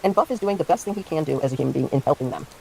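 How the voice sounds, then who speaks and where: A woman's voice: deep voice, animated, racing, creaky, a little mellow, slight background noise. A woman streamer giving casual livestream commentary, ranting in a heated, indignant and profane way.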